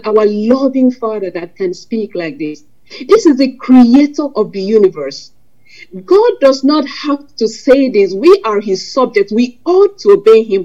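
A woman with a fairly high voice preaches a sermon, earnest and conversational, weaving scripture quotes into plain talk to her congregation. The recording is dull and lo-fi. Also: mellow. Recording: lo-fi dull sound.

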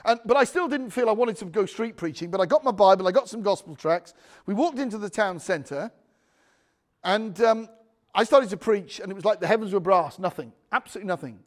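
A man's voice: high voice, lively intonation, a little fast. A man preaching a sermon, telling a personal testimony with frequent restarts and calls for amen. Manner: anecdotal, restarts often, calls for amens.

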